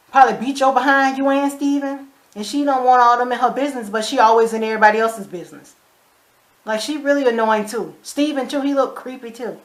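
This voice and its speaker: A woman giving a casual recap of a TV episode, retelling scenes bluntly with lots of swearing and sharp asides. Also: medium pitch. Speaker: show recap vlogger.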